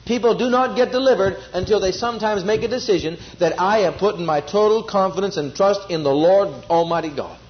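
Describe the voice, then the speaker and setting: A man's voice: high voice, brisk, hardly any pauses, lo-fi sound. A man preaching a sermon, repeating phrases with emphasis and leading the congregation in spoken responses.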